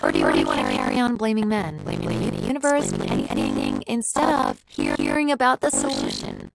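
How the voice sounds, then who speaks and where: A woman's voice: mid-range voice, wildly swooping pitch, fairly quick, creaky, over loud music, exaggerated voice, poor audio. A woman voicing a brusque female dating coach who scolds her listeners. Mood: scolding. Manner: bossy, scolding.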